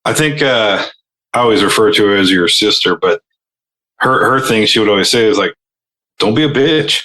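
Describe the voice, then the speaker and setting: A man with a bright, forceful voice, chatting casually on a podcast. He tells crude, joking stories and jumps into the voices of the people in them. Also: lowish voice, fairly quick, roomy sound, rough recording. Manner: crude, joking storyteller, acts out quotes. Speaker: podcast co-host.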